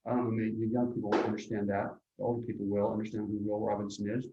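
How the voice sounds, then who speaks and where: A man's voice: lowish voice, little pitch movement, fast talker, background noise. A man art teacher giving a live demonstration lesson, thinking aloud as he works and often checking in with "okay?". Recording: dull roomy lo-fi recording.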